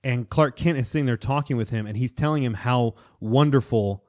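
A man in his thirties co-hosting a casual podcast, retelling comic storylines with enthusiasm and quick quoted voices. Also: mid-range voice, darkish tone. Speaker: podcast co-host. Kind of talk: casual chat.

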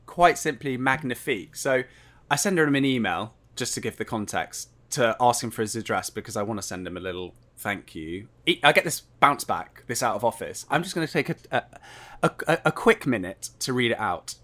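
A man's voice: mid-range voice, expressive, a little fast, fairly bright tone. An English man in his thirties co-hosting a podcast, chatty and self-mocking, full of fillers and restarts. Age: 30s. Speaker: podcast co-host. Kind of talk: casual chat.

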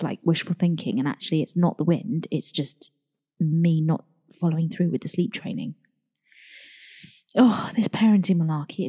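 A woman's voice: mid-range voice, mellow, long reverb tail. A young woman hosting a casual solo podcast, chatty and confiding, calling her listeners darlings. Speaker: podcast host.

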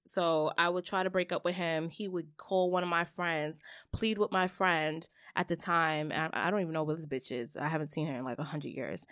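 A young adult woman on a podcast, telling a personal story in blunt, swearing, animated casual chat. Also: low-pitched, normal speed, no room sound, clean studio sound. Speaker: podcast co-host.

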